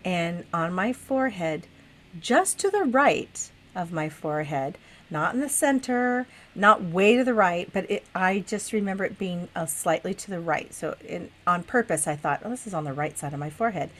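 Animated woman telling a wild dream. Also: lowish voice, normal speed. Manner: animated, swears freely, laughs often, acts out voices. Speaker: guest sharing a dream. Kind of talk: casual storytelling chat.

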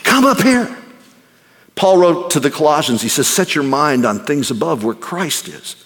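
A male pastor preaching a sermon. He swings between ringing exclamations and hushed, near-whispered passages. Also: fairly high pitch, lively intonation, moderate pace. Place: church sanctuary. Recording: long reverb of a large hall.

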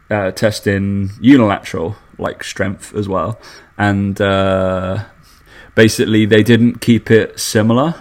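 Man, lowish voice, casual podcast chat, laughs often, animated storyteller. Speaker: podcast co-host.

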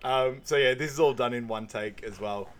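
A man's voice: medium pitch, moderate pace. A man co-hosting a podcast, recapping a movie in casual chat with frequent laughs. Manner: chatty, laughing, retelling scenes. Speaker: podcast co-host.

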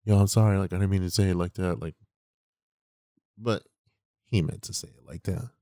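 A man with a very deep voice rambles through casual stories, heavy on slang and filler "like". His voice sounds dry and close, with no room around it. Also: normal speed, darkish tone, no echo. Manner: rambling, slangy storytelling with lots of "like". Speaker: podcast co-host. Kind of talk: casual chat.

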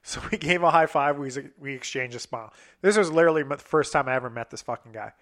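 A man's voice: fairly high pitch, fast talker, a bit bright. A young man telling a long personal story in a casual, rambling, profane way, acting out what others said.

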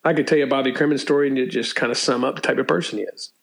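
A man's voice: medium pitch, fairly even intonation, racing, poor audio. Chatty older man telling stories. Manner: chatty, many restarts, clears throat often, laughs at his own stories. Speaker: former college sports media relations staffer, guest. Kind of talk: casual storytelling interview.

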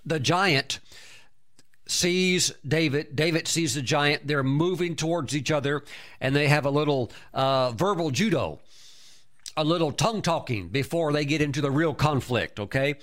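Guy preaching a sermon, slightly high voice, keeps repeating himself and shouting praise lord, hallelujah. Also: moderate pace. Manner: emphatic, with frequent exclamations of praise; repeats words and restarts often.

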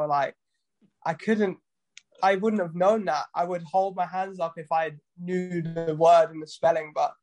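A man's voice: a little high, darkish tone. A man, a tattoo artist, chatting in an interview and telling loose, sweary stories while acting out conversations. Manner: loose storytelling, swears, acts out dialogue. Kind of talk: casual interview chat.

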